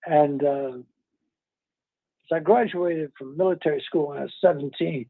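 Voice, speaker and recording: A man's voice: a little high, moderate pace. An older man from New York City telling stories in a casual interview, rambling and chuckling as he searches for names. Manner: rambling, chuckling, loses names mid-story. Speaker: actor being interviewed. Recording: tinny phone-like call audio.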